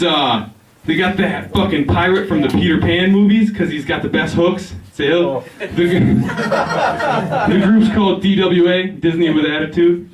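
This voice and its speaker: A young man doing a stand-up routine, laid-back and rambling, giggling at his own jokes. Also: on the high side. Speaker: stand-up comedian. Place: barber shop. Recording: echoey room, mic at a distance.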